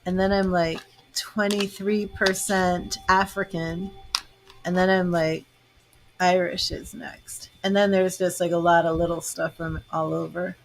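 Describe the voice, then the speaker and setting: This Boston woman, a middle-aged tarot reader and psychic host, chats loosely with her livestream audience. Her voice runs on the low side with a flat, unhurried delivery, and there's a slight hiss or hum on the recording. She's talkative and rambling, laughing frequently.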